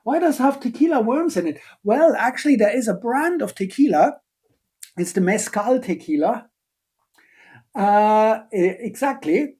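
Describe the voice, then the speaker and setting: A man lectures on biochemistry over a live stream, in an unhurried, dark and mellow voice. He pauses often and fills the gaps with ums and uhs. Every so often he breaks off to answer questions from the chat with a playful aside. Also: sits high, animated, slightly rough. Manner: hesitant, many fillers, playful asides.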